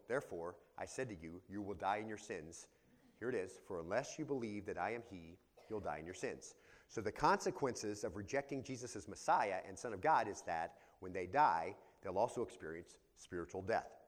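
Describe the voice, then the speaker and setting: A man's voice: fairly low pitch, animated, fairly quick, in a large hall. A man preaching a verse-by-verse sermon as pastor, explaining the original Greek words as he teaches. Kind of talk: expository sermon. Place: church sanctuary.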